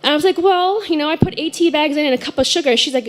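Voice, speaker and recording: A woman's voice: high-pitched, quick pace. A woman telling a personal story on stage at a story slam, chatty and often laughing as she acts out the people in it.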